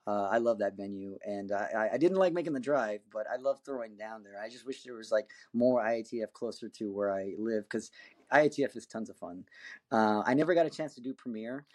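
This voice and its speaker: A man's voice: fairly low pitch, fairly quick. A man on a podcast telling a story in a casual, rambling way, full of fillers and restarts, acting out other people's lines. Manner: lively, acts out quoted voices. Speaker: podcast guest, competitive axe thrower.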